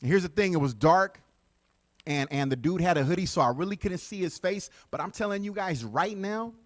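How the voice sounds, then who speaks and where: A man doing a conversational stand-up routine with deadpan asides to the audience. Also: sits high, fairly quick, dry recording. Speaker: stand-up comedian.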